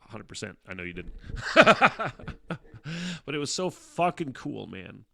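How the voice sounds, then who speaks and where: Bright-voiced laughing podcast man. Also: medium pitch, measured pace, creaky. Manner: profane, laughing, animated storytelling. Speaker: podcast host. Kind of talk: casual solo chat.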